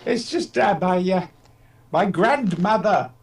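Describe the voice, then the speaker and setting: A man putting on the voice of a fussy, pompous old gentleman who blusters and chuckles. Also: high-pitched, slow pace, vocal fry, recorded from a distance, heavily acted. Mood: blustering.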